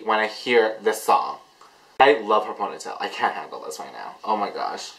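A man hosting a casual reaction vlog, gushing and excitable, breaking into delighted shrieks. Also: fairly low pitch, moderate pace, poor audio. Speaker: reaction video host.

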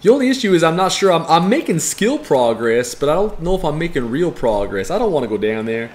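A man's voice: fairly high pitch, very animated, a little fast. A man with a strained voice giving joking, profane live commentary as he plays a game and reads chat aloud. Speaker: game streamer.

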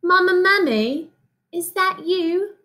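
A woman voicing a scared little boy mummy in a put-on British accent, with a high, pleading childlike voice. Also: lively intonation, slow pace, pushed and bright, exaggerated voice. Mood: calling out.

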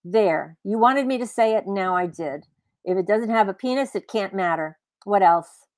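A woman's voice: mid-range voice, lively intonation, normal speed, no echo, close to an everyday voice. A woman voicing an indignant, heated woman. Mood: bitter. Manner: sharp, heated. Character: indignant, bitter woman arguing in a cafe.

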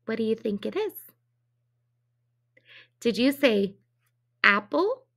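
Teacher lady doing phonics for little kids, kinda high voice, slow and cheery. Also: animated, gravelly, darkish tone. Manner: slow, exaggerated sounds for young children; cheerful, encouraging questions. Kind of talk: early-reading phonics lesson.

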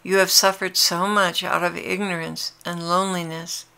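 A woman's voice: on the low side, flat delivery, normal speed, gravelly, smooth. A woman voicing Jesus as a tender, longing man who speaks earnestly to his brides in a devotional dialogue. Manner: earnest, intimate, gently pleading.

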